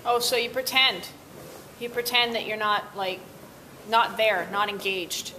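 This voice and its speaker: Upbeat and quizzing the class, this woman runs an interactive session with teens. Her voice is medium in pitch, pushed and bright, and a little slow. The space echoes and carries faint noise.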